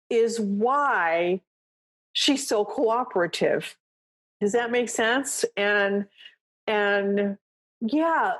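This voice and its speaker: Chatty woman dog coach, full of "right?". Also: a little high. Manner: conversational, lots of "you know" and "right?", acts out little dialogues with her dog. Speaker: dog trainer and podcast host. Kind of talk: coaching talk, casual explanation.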